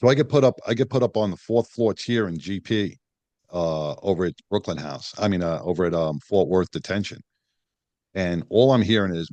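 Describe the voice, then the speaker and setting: Blunt, profane middle-aged man, very deep voice. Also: moderate pace, a little mellow, no room sound. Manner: blunt, profane, full of restarts and acted-out quotes. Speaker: guest, retired police detective and firefighter. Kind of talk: candid storytelling in a podcast interview.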